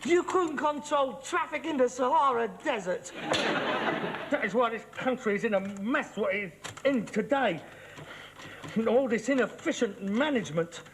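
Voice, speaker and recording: A man's voice: very high-pitched, moderate pace, noisy background. An actor playing an exasperated, pompous socialist son, ranting and stumbling over his words. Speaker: sitcom actor. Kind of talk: studio sitcom acting. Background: studio audience laughter.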